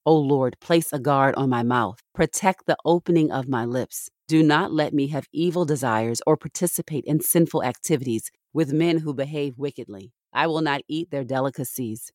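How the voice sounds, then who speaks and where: A woman reading Bible passages aloud in a measured, steady way, pausing between verses. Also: a bass voice, no room sound, studio quality. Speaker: scripture reader.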